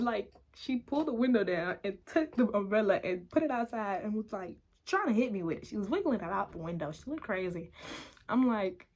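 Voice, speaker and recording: Her voice sits in the mid range as this young adult vlogger spins a casual, lively tale, breaking into frequent laughter and performing each quoted line.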